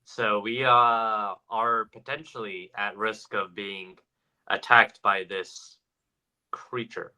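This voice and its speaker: A man from Georgia co-hosting a casual paranormal podcast, relaxed and quick to chuckle. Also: lowish voice, clean tone, poor audio. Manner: laid-back, chuckling reactions. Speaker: podcast co-host.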